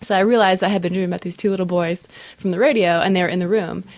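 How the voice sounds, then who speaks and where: A young adult woman co-hosting a podcast, telling a story in casual chat, animated and laughing often. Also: fairly low pitch, very fast, no echo. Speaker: podcast co-host.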